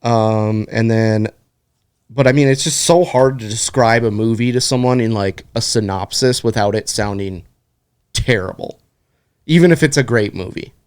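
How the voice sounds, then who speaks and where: A man's voice: on the low side, normal speed, a little mellow, clear, resonant tone, dry recording. Rambling man telling stories on a podcast. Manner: rambling storyteller, swears casually. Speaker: podcast co-host. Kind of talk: casual chat.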